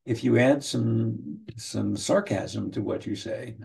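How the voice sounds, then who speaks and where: A man teaching counseling skills in an online training session, speaking in a measured way, often repeating his first words and briefly acting out what a client and a counselor might say. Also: on the low side, gravelly, dark tone. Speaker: trainer teaching motivational interviewing. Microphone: video call.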